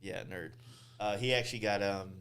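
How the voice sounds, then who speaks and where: A man hosting a podcast, chatting casually in a loud, laughing, profane way. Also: lowish voice, fairly even intonation, normal speed, clear, resonant tone. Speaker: podcast host. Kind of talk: casual chat.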